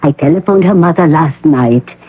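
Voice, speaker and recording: A formal, measured doctor. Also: male voice, on the high side, husky. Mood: pleased. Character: formal, self-assured male hospital doctor. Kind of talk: 1980 radio drama acting. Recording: narrow phone-like radio broadcast.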